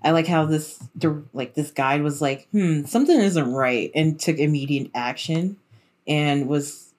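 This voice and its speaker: Low-voiced woman podcaster, hesitant. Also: steady tone, measured pace, a little mellow. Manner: hesitant, filler-heavy. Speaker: podcast co-host. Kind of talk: casual chat.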